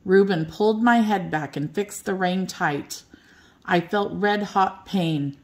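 An older woman reading a children's bedtime story aloud as the storyteller, gentle and expressive. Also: mid-range voice, slow pace.

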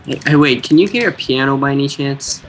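A man's voice: medium pitch, fairly quick, faint music behind. A young man chatting casually and laughing easily while playing a game with a friend. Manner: relaxed, easily amused, hesitant fillers. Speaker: gaming YouTuber co-host. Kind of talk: casual gameplay chat.

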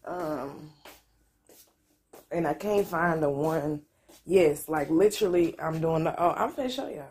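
A woman's voice: sits low, measured pace, a little mellow. A woman vlogging casually at home, candid and profane, in pain and close to tears, with a way of talking. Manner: candid, loose, profane, drawling. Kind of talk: casual vlog talk to camera. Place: at home on a couch.

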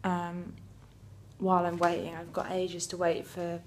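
A woman's voice: lowish voice, monotone, a little slow, a little mellow, slight background noise. Chatty young woman vlogging. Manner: chatty, rambling, lots of fillers. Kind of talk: casual chat to camera.

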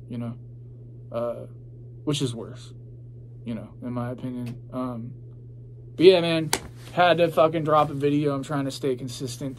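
A man's voice: mid-range voice, slight background noise. A young man telling his own story in a casual, rambling, profane way, full of fillers.

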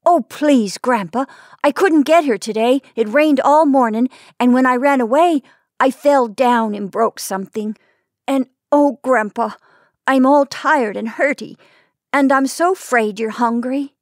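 A woman's voice: measured pace, dry recording, clean studio sound. A woman voicing a small injured boy who pleads and cries, in a storybook reading. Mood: pleading. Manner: pleading, high and urgent.

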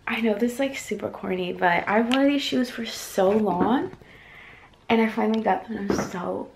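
A woman's voice: mid-range voice, normal speed, gravelly. Young woman, casual vlog chat, gushing and chatty, far from the mic, echoey room. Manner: chatty and gushing, lots of "like" and "oh my god". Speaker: beauty vlogger. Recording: roomy echo from a distance, with noise behind.

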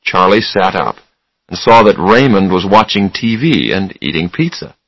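A man narrating a story for English learners in a slow, deliberate, expressive way. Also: low-pitched, no room sound, muffled recording.

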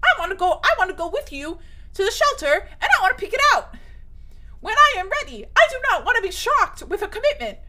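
Young woman streamer, high voice, very lively pitch, emphatic, swears a lot. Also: quick pace. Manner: emphatic, frequent swearing, voice shoots up high when worked up. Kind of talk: casual stream chat.

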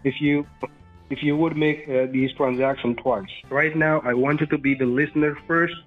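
A bossy, condescending man barking instructions over a tinny phone line. His pitch sits in a middle register, with faint music playing behind him. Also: steady tone, moderate pace. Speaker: phone scammer. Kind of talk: phone call.

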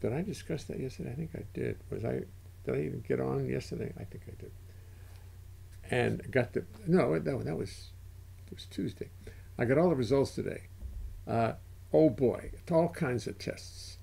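A man's voice: mid-range voice, moderate pace, vocal fry, dark tone, breathy edge. An older man hosting a livestream in casual chat, rambling and interrupting himself as he goes. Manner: rambling, self-interrupting, chatty. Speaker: livestream host.

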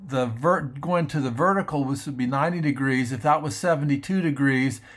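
A man teaching math on a screencast, explaining step by step in an unhurried way and often stopping to rethink his wording. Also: mid-range voice. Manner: thinking aloud with frequent fillers and restarts. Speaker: math educator.

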